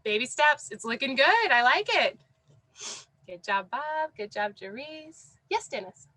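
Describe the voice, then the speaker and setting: A woman's voice: high-pitched, lively intonation, measured pace, sharp tone, no echo, poor audio. A woman teaching a class over a video call from home, encouraging and praising students by name. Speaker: sign language teacher. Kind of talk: online class instruction. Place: home, with a dog under the desk.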